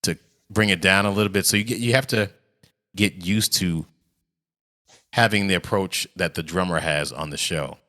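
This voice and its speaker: A man speaking as a podcast guest, a drummer explaining his craft in a thoughtful, measured way. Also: low-pitched, bright, forceful tone. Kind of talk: casual interview chat.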